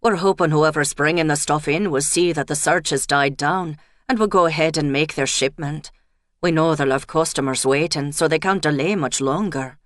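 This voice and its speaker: A woman voicing a nervous young male police officer who speaks in a hushed, careful way. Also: fairly high pitch, moderate pace, dry recording, studio quality, natural voice. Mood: guarded, confiding.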